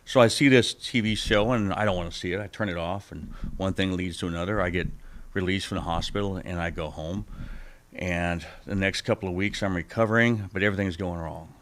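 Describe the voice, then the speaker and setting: A middle-aged man sharing his personal testimony as a podcast guest, animated and acting out the people he quotes, swinging between loud bursts and hushed asides. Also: deep voice, brisk. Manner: animated storyteller who acts out the people he quotes.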